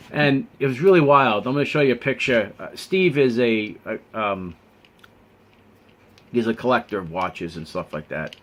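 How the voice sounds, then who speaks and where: A man telling a personal story in a casual vlog, earnest and rambling. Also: lowish voice. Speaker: vlogger.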